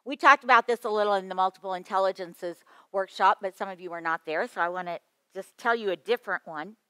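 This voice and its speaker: A middle-aged woman giving a storytelling talk to children's ministry teachers, lively, with quick asides and chuckles. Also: mid-range voice, clean tone, dry recording. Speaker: children's ministry workshop speaker.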